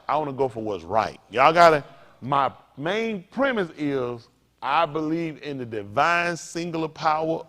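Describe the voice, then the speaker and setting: Man, pastor, informal sermon, slangy, lively swooping pitch. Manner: animated, slangy, laughs through a funny story. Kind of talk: informal sermon teaching with storytelling.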